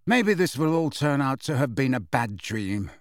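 A man's voice: mid-range voice, sing-song, moderate pace, no room sound, studio quality, natural voice. A man reading aloud, voicing a dismayed teenage girl who captains her team, in a hollow voice. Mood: weary.

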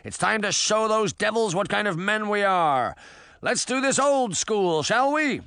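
A man voicing a boastful swashbuckling sea captain in an audiobook, speaking in grandiose, booming proclamations. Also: very animated, moderate pace, pushed and bright, no echo, clean studio sound. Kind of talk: audiobook character voice.

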